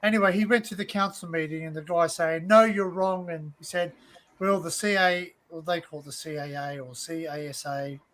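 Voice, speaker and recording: A man in casual chat, swearing freely and telling animated stories, repeating himself as he goes. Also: a little high, normal speed.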